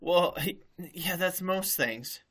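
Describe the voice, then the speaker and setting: A man's voice: high-pitched, slow, a bit bright. A man in casual chat, giving short amused reactions.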